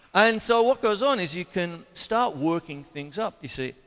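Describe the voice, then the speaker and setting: A man's voice: high voice, lively intonation, moderate pace. An Australian man giving a casual drum lesson, rambling and chatty, counting beats aloud as he plays. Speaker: drum teacher. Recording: long reverb, loud drum kit behind. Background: drum kit playing.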